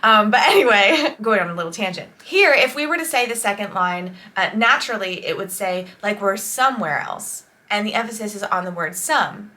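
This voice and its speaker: Woman, songwriter, casual reaction talk, enthusiastic, teaching tone, bright tone. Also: mid-range voice, lively intonation, fairly quick, few pauses. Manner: enthusiastic, explains songwriting tips.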